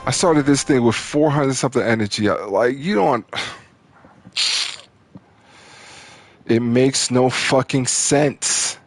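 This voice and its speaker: Gravelly-voiced man, gaming host, exasperated profane rant. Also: medium pitch, slow, long pauses. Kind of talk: frustrated gameplay commentary.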